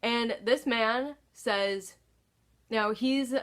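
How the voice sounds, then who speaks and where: A woman's voice: on the high side, extremely slow, fairly bright tone. A woman vlogger telling a story in a casual, exasperated way, sighing often and swearing freely.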